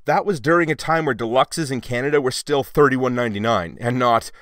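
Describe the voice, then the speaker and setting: A man's voice: medium pitch, brisk, fairly bright tone, no room sound, clean studio sound. A man giving a casual, wry toy review with chatty, sarcastic asides.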